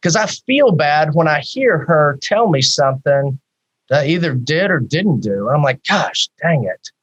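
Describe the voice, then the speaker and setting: A man in his fifties, a psychologist guest in a podcast interview, talking in a candid, animated way with many rhetorical questions. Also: a little high, normal speed, muffled recording.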